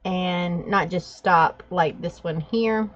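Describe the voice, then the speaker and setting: A woman's voice: lowish voice, slow pace. A woman vlogging, telling a story with laughs and then walking through a drawing tutorial in casual chat. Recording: dull lo-fi sound.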